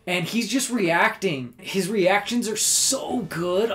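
A man's voice: sits high, takes it slowly, a bit bright, soft background music. A man co-hosting a casual fan chat, enthusiastic and filling his talk with "like". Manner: enthusiastic, full of "like" fillers. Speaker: co-host.

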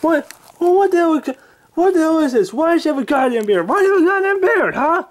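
A performer voicing a furious old grandpa who yells and curses in a high, lively voice. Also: fast talker. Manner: yelling, cursing, demanding.

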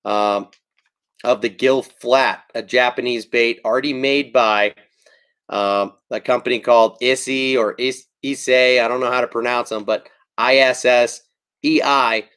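A man hosts a casual live stream and talks through his favorite baits in a loose, easygoing way. He fills his pauses with ums and breaks off to answer viewers' comments as they come in. His voice sits at an ordinary middle pitch for a man. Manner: relaxed, rambling with frequent ums. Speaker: fishing channel host.

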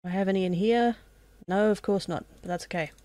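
A woman's voice: mid-range voice, quick pace, background noise. A woman giving casual commentary on her own gameplay, talking to herself as she plays. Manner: chatty, talks to herself, bursts into excited shouting. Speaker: let's play gamer.

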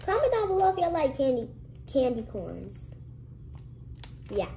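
A young woman chatting casually to camera in a vlog, lively and sometimes dropping to hushed whispers. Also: high voice, measured pace, a little hiss or hum, poor audio. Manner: lively, switches to hushed whispers when nervous. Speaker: vlogger.

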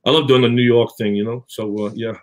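A man's voice: mid-range voice, steady tone, quick pace. A middle-aged man with a New Zealand accent, talking casually on a video call with many fillers and restarts. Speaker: actor guest. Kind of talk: casual interview chat.

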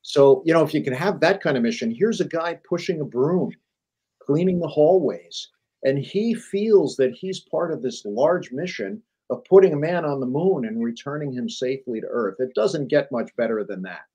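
A middle-aged man, a journalist and author, telling business stories in a lively, emphatic way as a guest on an interview show. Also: fairly high pitch, normal speed, breathy edge, poor audio. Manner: animated storyteller, emphatic repetition. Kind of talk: conversational interview.

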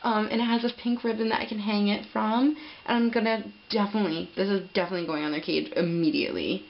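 A young woman in a casual vlog, opening a gift package and gushing with excitement, full of fillers and little laughs. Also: medium pitch, fast, gravelly, highs cut off, slight background noise. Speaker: pet vlogger.

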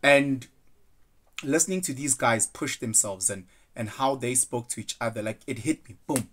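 A young man speaks in an unscripted, reflective way. He is earnest and loose, circling back on his points. His pitch sits in an ordinary middle range. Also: normal speed, a bit bright, slight background noise. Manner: earnest, loose and rambling, acts out quoted voices. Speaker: vlogger. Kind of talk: casual reflective monologue.

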